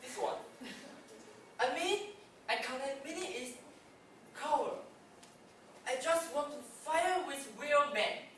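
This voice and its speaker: High, lively man in echoey hall. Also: takes it slowly, long pauses, recorded from a distance, a little hiss or hum. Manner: laughs through his own jokes. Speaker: club speaker. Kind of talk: humorous prepared speech.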